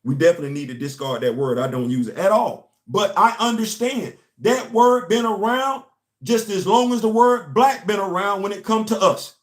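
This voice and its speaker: Recorded in an echoey room, a young man from the United States hosts an impassioned monologue in a high voice at normal speed. He's forceful and preachy, repeating his central lines.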